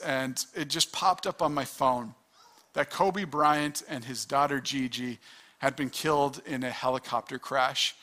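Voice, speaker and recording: A man's voice: on the high side, bright, forceful tone. A man preaching a sermon in an earnest, conversational way, often restarting his words. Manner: earnest, conversational, with quick restarts and acted-out asides. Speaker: pastor.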